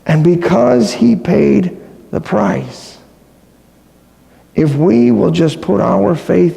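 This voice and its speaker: A man's voice: fairly high pitch, animated, takes it slowly, creaky, dark tone. A man preaching a sermon as a pastor, conversational and playful, often asking his congregation questions. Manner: playful, self-deprecating humor. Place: church sanctuary. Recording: roomy hall with long reverb.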